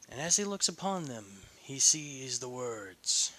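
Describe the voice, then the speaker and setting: A man narrating an improvised fan story in a slow, ad-libbed way, with hums and restarts. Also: medium pitch, sing-song, bright, forceful tone.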